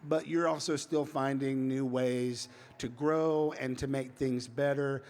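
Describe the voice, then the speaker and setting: A man's voice: mid-range voice, fairly even intonation, unhurried, darkish tone. A man interviewing a guest, reacting with enthusiasm and asking friendly questions. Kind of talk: casual interview.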